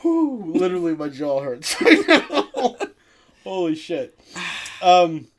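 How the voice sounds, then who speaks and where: A man co-hosting a comedy podcast, teasing and prodding his partner and quick to laugh. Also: sits high, sing-song. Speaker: podcast co-host. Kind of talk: comedic casual chat.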